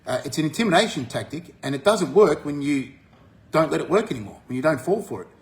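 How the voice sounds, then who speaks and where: An Australian man talking bluntly to his viewers, swearing often and jumping up in pitch when he gets fired up. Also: sing-song, quick pace. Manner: forceful, swears freely, rises sharply when fired up. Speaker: vlogger. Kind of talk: blunt monologue to camera.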